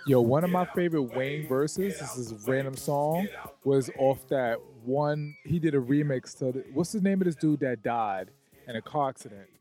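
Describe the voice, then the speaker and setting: A man in casual chat, laid-back and quick to chime in. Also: mid-range voice, warm tone, soft background music.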